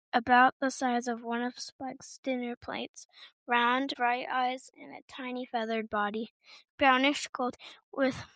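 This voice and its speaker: High-voiced woman reading a storybook. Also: fairly bright tone, no room sound. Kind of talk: storybook narration.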